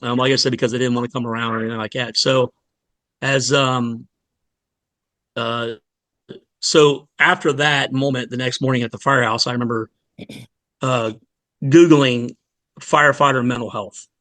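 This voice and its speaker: A middle-aged man, a fire lieutenant, telling his story in a candid podcast interview, earnest and halting with many pauses. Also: mid-range voice, steady tone, fairly bright tone, dry recording. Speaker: fire department lieutenant, guest.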